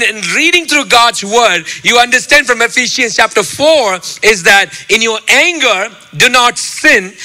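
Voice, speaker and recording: A man's voice: high-pitched, bright, forceful tone. A man in his thirties preaching a sermon, chatty and joking with the congregation, with lots of fillers and restarts. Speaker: pastor.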